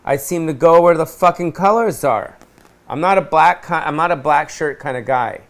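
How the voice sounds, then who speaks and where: A man's voice: fairly high pitch, moderate pace. Rambling, profane middle-aged man. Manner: scattered, profane, loses his train of thought. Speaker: host. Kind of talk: rambling solo rant to camera. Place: his apartment.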